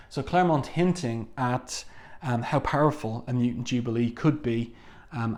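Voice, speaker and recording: A man reviewing a comic book, walking through the panels in casual narration with frequent ums. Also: medium pitch. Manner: walks through panels, reads dialogue aloud, frequent ums.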